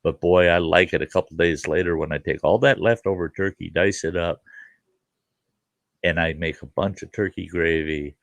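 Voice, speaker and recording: A deep, gravelly man spins a folksy story in easy conversation, laughing along and acting out the voices of the people in it. His voice sits very low, and the sound is dry and close. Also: moderate pace, dry recording. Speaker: show host. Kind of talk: casual storytelling chat.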